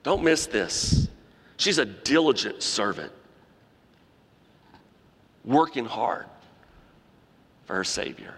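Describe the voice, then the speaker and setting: A man's voice: mid-range voice, slow, creaky, long pauses, breathy edge. Preaching man in a reverberant church. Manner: animated preaching, acting out quoted voices. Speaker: pastor. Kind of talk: sermon. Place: church sanctuary. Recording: long reverb of a large hall.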